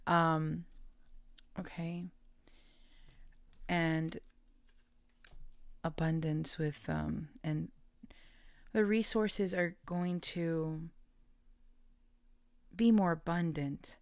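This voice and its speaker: A woman reads tarot cards for her viewers in a slow, unhurried way, her lowish voice carrying a gravelly fry. She talks gently and haltingly, full of fillers, and sometimes sinks into a soft whisper. The sound is close and dry. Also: steady tone, no echo. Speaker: tarot reader. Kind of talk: casual collective tarot reading.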